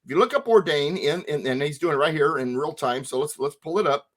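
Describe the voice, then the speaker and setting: Emphatic man explaining, fairly high voice. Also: brisk. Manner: emphatic, lively, repeats words for stress. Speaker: teacher. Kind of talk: explaining a text to a co-host.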